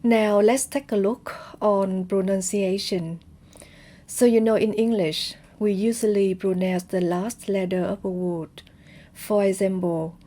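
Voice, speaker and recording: A woman with a Vietnamese accent explains a language lesson at an unhurried pace, demonstrating each word with care. Her voice is mellow and relaxed, with a moderate pitch. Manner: careful, demonstrates words. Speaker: language teacher.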